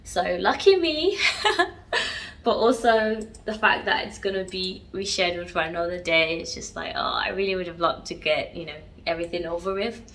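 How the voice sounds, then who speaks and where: A woman's voice: lowish voice, steady tone, normal speed, a bit bright. A woman in her twenties chatting casually to viewers in a home vlog, laughing often and talking straight to camera. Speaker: vlogger.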